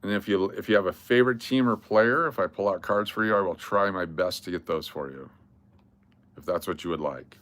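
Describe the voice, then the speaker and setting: A man's voice: low voice, a little fast, fairly bright tone, no echo. An older man hosting a casual livestream, rattling off lists of cards and chatting to viewers. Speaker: livestream host.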